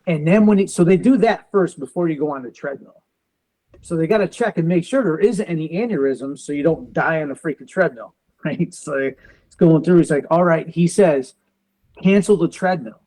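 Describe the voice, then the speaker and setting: A man in his forties, a veteran and police officer, tells a personal story in an interview, quoting others in quick back-and-forth exchanges. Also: on the high side, warm tone, low-quality recording. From United States. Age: 40s. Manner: quotes others in quick back-and-forth, uses car comparisons.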